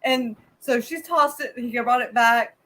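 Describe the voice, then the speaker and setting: A woman's voice: fairly high pitch, normal speed, poor audio. A woman co-hosting a casual livestream, telling a rambling story and acting out her dog's reactions in little voices. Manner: rambling, animated, acts out the dog in voices. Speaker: co-host of a homestead livestream. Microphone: video call.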